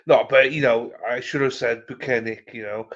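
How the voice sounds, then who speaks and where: With a fairly even, fairly bright medium-pitched voice at normal speed, a man runs a laid-back livestream chat. He says hello to viewers by name and swears liberally while rambling, all on slightly muffled lo-fi audio.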